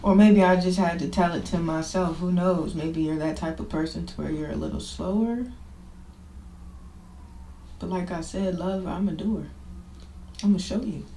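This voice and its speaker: In an echoey room with faint noise, a podcast host with a warm, fairly low-pitched voice talks at normal speed, pausing often. She speaks informally and emphatically about her own life, reflective and confessional.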